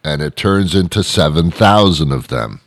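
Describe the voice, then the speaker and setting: A man's voice: sits low, expressive, moderate pace, creaky, dry recording, studio quality. A middle-aged man telling a rambling comic story, with digressions and sarcastic asides. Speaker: comedic storyteller.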